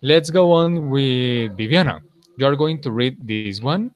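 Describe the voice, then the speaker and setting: A man teaching English, running a pronunciation drill; he praises his students often and models words slowly for them to repeat. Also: medium pitch, lively intonation, muffled recording.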